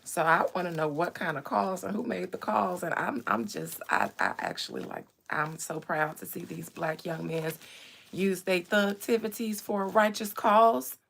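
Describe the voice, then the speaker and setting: A woman hosting a gossip commentary show, talking in a dramatic, animated, slangy way. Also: on the low side, normal speed, vocal fry, a little hiss or hum. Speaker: host.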